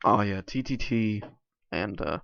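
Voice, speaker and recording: A young male YouTuber rambles through a casual vlog monologue in a lowish, gravelly voice that's still a bit bright, clear and resonant, at a measured pace. He sounds tired and sore, hesitant, restarting often and leaning on "like" fillers. The recording is lo-fi with no room sound.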